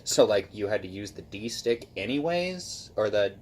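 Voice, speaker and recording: A man in casual gaming chat, rambling and excitable, swearing freely as he talks about game consoles. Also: on the low side, normal speed, a little hiss or hum. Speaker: co-host.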